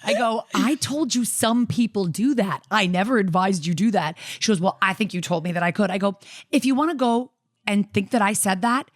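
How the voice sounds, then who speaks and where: A woman co-hosting a podcast, a mother who talks in loose, relaxed chat filled with fillers and quick laughs. The sound is dry and close, with no echo. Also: mid-range voice. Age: adult with a child. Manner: easygoing, many fillers, laughs often. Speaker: podcast co-host. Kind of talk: casual chat.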